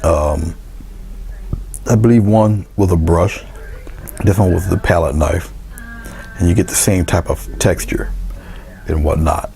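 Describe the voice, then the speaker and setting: A man casually talking through a painting demonstration step by step as an art instructor, trailing into quiet asides as he works. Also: low-pitched, a little slow, vocal fry, long pauses, soft background music. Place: indoor studio.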